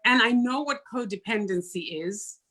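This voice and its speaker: Bright high-voiced woman in a podcast chat. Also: moderate pace. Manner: chatty, laughs easily. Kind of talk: casual podcast conversation.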